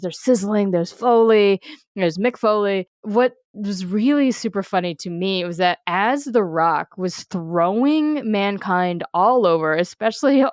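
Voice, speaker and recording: A podcast co-host recapping a wrestling match in quick, laughing, profane storytelling. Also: medium pitch, clean tone, no echo, clean studio sound. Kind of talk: casual wrestling recap chat.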